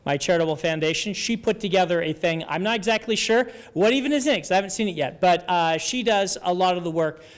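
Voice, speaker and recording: Man, slightly high voice, relaxed livestream host handing off to the next segment. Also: fast, few pauses. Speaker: author hosting a release event. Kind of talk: casual livestream talk.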